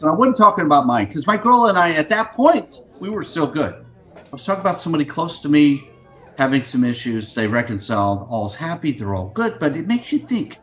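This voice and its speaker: Middle-aged male podcast host, scatterbrained and crude, animated delivery, slightly high voice, video call mic. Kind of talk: casual rambling monologue.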